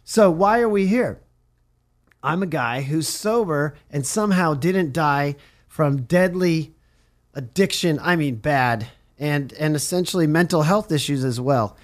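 A recovery radio show host chats casually with a guest, rambling, joking and sounding enthusiastic. He talks a little slowly in a fairly high voice, through an on-camera studio mic.

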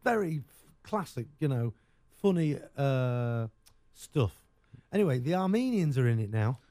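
A chatty English man on the radio, rambling from one joke to the next. His pitch swings widely as he talks, with a mellow, warm tone. The sound is close and dry. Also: sing-song, measured pace, no room sound. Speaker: radio show host. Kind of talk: casual on-air banter.

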